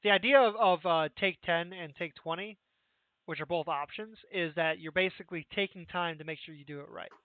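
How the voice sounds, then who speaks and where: A man's voice: on the high side, a little fast, no echo. Rambling young man running a tabletop game. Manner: casual, rambling, many fillers and restarts. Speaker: game master. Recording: tinny phone-like voice chat.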